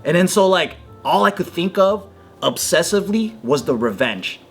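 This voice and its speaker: A man telling a story in casual chat, animated, swearing freely and acting out quotes in a raised voice. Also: normal speed, soft background music. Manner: animated, swears a lot, acts out quotes in a higher voice. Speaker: podcast guest.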